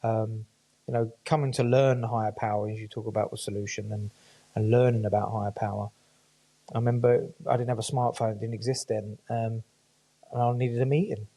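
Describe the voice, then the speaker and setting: A man tells his stories at a quick clip, one after another. His voice is mellow and somewhat dark. He swears freely and acts out the voices of the people he quotes. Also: lowish voice, level tone. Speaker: podcast guest. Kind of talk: casual storytelling chat.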